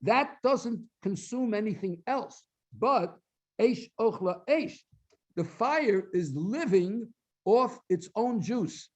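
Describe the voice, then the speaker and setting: The dull lo-fi recording captures a rabbi speaking slowly in a high-sitting voice with lively intonation. In a synagogue hall, for a study completion, he teaches Talmud by explaining and translating each source phrase by phrase, sometimes repeating words as he looks for the next.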